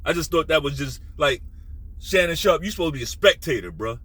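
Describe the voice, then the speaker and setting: Male sports host, blunt and profane, bright forceful tone. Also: brisk, husky, dry recording, low-quality recording. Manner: blunt, profane, animated, drops to a low menacing tone. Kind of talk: casual opinion rant.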